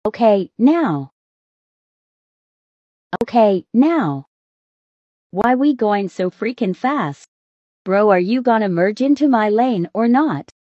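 A woman narrating comedy sketches in a dry, unhurried, deadpan manner. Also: medium pitch, no room sound, highs cut off.

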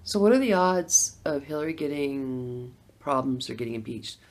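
Gravelly middle-aged woman telling her story. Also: rumbling low, normal speed. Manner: chatty storytelling, laughs between lines, swings from hushed to loud. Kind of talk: personal testimonial vlog.

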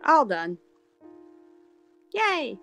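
A woman's voice: sits high, big pitch swings, very slow, fairly bright tone, no room sound, soft background music. A woman co-hosting a game playthrough, chatting playfully and reading lines aloud. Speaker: let's play co-host.

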